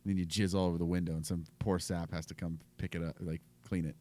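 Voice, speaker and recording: A man's voice: sits low, flat delivery, fast, dark tone. A man co-hosting a comedy podcast, rambling through crude jokes with lots of restarts and repeated words. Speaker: podcast co-host.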